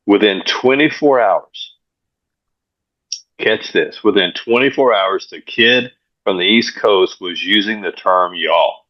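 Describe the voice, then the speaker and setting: A man with a lowish voice tells a story as a guest on an interview show. He is energetic and often repeats words while he finds his thought. The recording sounds dull and lo-fi. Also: slow pace. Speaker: guest speaker, pastor and coach.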